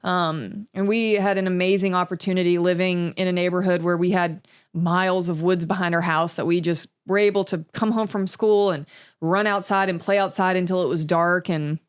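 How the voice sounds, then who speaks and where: A young woman from Alabama, a podcast guest talking in a reflective, unhurried way with lots of "you know"s. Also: on the low side, steady tone, clear, resonant tone. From Alabama, US South. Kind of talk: casual conversational interview.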